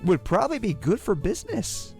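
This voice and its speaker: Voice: medium pitch, wildly swooping pitch, fairly quick, creaky, dark tone, soft background music. A podcast co-host in casual chat, dry and sarcastic.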